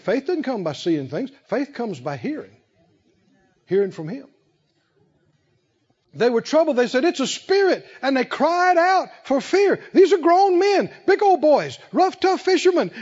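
A male preacher giving a sermon to a congregation, animated and playful, often laughing and acting out scenes. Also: very high voice, unhurried, highs cut off. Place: church service with congregation.

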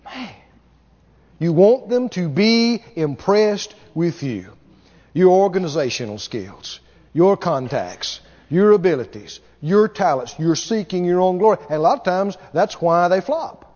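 A man's voice: high-pitched, animated, a little slow, darkish tone. A man pastor preaching a sermon, emphatic and repetitive, throwing rhetorical questions at the congregation. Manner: emphatic, repeats key words, asks rhetorical questions. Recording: dull recording with long hall reverb.

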